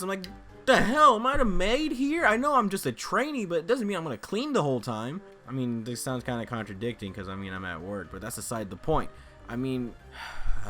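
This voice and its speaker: A man's voice: mid-range voice, fairly bright tone. A young man vlogging casually, telling a rambling story and acting out the voices of people he quotes.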